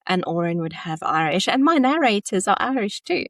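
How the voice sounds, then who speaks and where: A woman, an author guest on a podcast, explaining her work in a relaxed, casual chat. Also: mid-range voice, brisk, a little hiss or hum.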